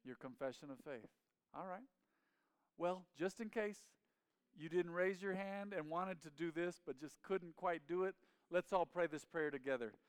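Male pastor with a smooth, resonant, slightly high voice, recorded close and dry; fervent call-and-response preaching to a congregation. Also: normal speed, no room sound. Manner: emphatic call-and-response preaching, leading the congregation in repeating phrases. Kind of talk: sermon. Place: church sanctuary.

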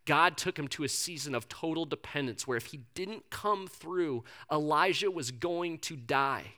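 A male pastor preaching a sermon in a conversational, animated storytelling manner. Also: a little high, measured pace.

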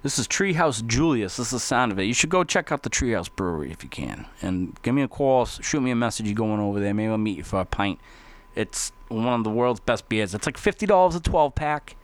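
A man's voice: medium pitch, fairly quick, no room sound. Profane rambling man, dry close sound. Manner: rambling, swears constantly, excitable. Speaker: podcast host. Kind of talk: casual profane monologue.

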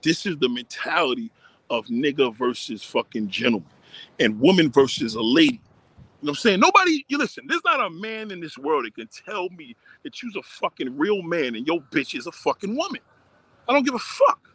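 A man's voice: a little high, sing-song, brisk, fairly bright tone, breathy edge, no echo. A man ranting profanely and emphatically on a livestream, repeating himself as he talks outdoors on a phone. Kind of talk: casual rant on a livestream.

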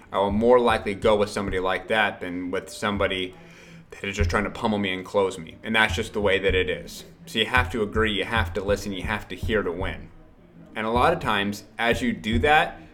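A man with a fairly low voice hosts a sales podcast on his own, delivering it in an energetic, punchy style. He repeats phrases for emphasis and swears casually.

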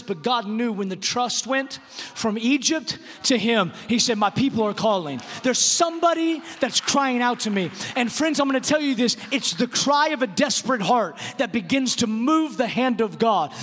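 A pastor preaching a sermon, emphatic and repeating words, slowing down to stress key phrases. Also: male voice, extremely high pitch, fairly bright tone. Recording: long reverb of a large hall.

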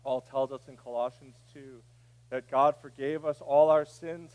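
A man preaching a sermon, dropping to a hush and then rising to a shout. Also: medium pitch, steady tone, unhurried, clean tone. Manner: preaching, swinging from hushed to shouting. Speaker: pastor.

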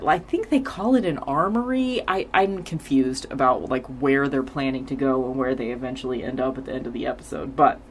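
40s woman podcaster, low voice, slow and rambly, lots of likes and ums. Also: darkish tone, slight background noise. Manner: rambling, lots of filler words, laughs easily. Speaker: podcast host. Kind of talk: casual episode recap.

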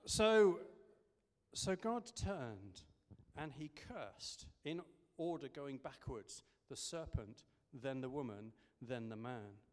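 A man's voice: mid-range voice, expressive, slow. A man preaching a sermon in a conversational way, with frequent ums and restarts. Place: church service. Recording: echoey church hall.

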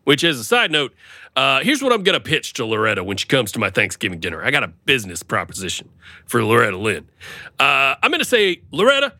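A man chatting on a comedy podcast, his pitch bouncing all over the place. His voice is bright and forward, and the recording is close and dry with no room sound. He stays playful and keeps breaking into silly voices. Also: huge pitch swings, fast, dry recording. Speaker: podcast co-host. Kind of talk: casual comedic chat.

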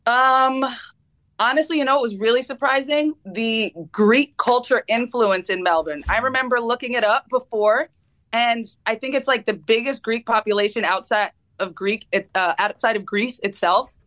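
A woman's voice: on the high side, moderate pace, a bit bright. Young woman footballer chatting on a radio show, lots of ums, giggles. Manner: laughs often, many ums. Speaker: guest footballer. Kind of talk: casual interview answers.

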